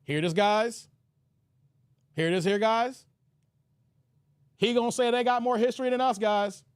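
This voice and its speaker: A man's voice: extremely high pitch, measured pace, clean tone, no room sound, clean studio sound. A man from the United States, hosting his channel and reading emails aloud in a mocking, combative rant. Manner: combative, mocking, repeats filler "here". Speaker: channel host. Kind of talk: reading emails and ranting on camera.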